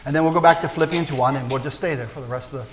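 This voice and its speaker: A man preaching a sermon as pastor, folksy and joking with the congregation, swinging between loud emphasis and soft, hushed asides. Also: mid-range voice, racing, crowd noise. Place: church.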